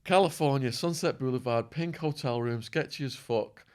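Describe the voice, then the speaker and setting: A man guest on a podcast, telling a wild story with lively acted-out quotes, swearing and laughing along the way. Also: medium pitch, normal speed. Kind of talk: animated storytelling.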